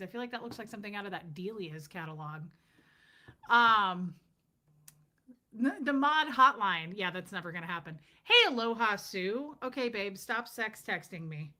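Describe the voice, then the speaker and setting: Middle-aged woman, livestream host, bright voice, chatty and joking with viewers. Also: medium pitch. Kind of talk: casual livestream chat.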